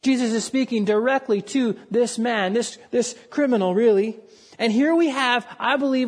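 A preacher giving a sermon to a congregation, speaking earnestly and with emphasis. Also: medium pitch.

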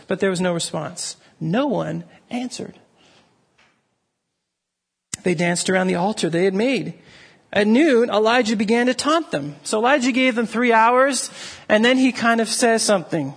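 A male pastor delivers a lively sermon, walking his listeners through a scripture passage verse by verse. His voice sits high for a man and has a husky edge. He keeps checking in with his listeners with a quick "right?". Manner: animated, asks the audience "right?" often.

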